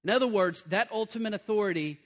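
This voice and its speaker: A high-pitched man delivers a sermon in a lively, conversational way. He repeats key lines, stumbles over restarts, and checks in with his listeners. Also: fast talker. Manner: animated, conversational preaching with repetition and asides. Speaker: preacher.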